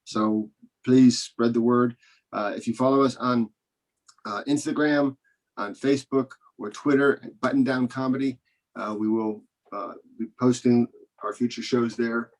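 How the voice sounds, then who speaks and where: A man's voice: mid-range voice, fairly even intonation, measured pace. Male comedy host, casual and rambling, stumbling restarts, video-call audio. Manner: rambling, hesitant, full of restarts. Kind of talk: casual hosting, closing remarks.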